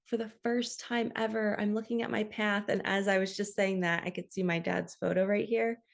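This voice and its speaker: A middle-aged woman reads spiritual cards for her viewers, her voice carrying a gravelly edge. She speaks softly and from the heart, pausing to reflect as she goes. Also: medium pitch, fairly even intonation. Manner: soft, heartfelt, tearful at times. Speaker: spiritual card reader. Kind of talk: intuitive card reading.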